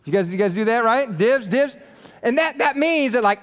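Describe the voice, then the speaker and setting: A man preaching with a fairly high voice, bouncing into quick put-on voices for the people in his story. His words carry a long reverb from a large hall around him. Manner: animated, acts out quoted voices, casual slang. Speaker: pastor. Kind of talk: sermon.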